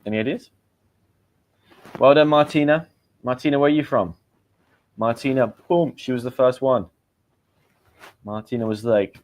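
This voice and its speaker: A man's voice: medium pitch, measured pace, long pauses. A man with a British accent hosting a live vocabulary lesson, quizzing viewers and reading out their comments in a chatty way. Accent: British English. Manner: chatty, asks viewers quiz questions and reads out their comments. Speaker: English teacher and livestream host.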